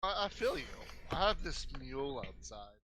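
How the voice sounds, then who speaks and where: A man's voice: mid-range voice, big pitch swings, moderate pace, pushed and bright, a little hiss or hum. A man playing in a tabletop game, talking in a joking, rambling, playful way. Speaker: player. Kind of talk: in-character tabletop game talk.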